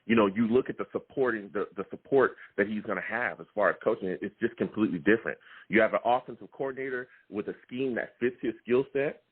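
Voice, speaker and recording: A man hosting a live sports call-in show, animated and laughing often. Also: on the low side, fast talker, husky. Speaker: podcast host taking callers. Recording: tinny phone-line sound.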